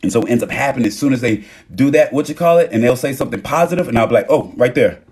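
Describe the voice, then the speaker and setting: A young man talking casually on a live stream, rambling and emphatic as he acts out what others say. His voice has a husky, slightly rough edge. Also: mid-range voice, lively intonation, very fast, a little mellow. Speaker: TikTok live host.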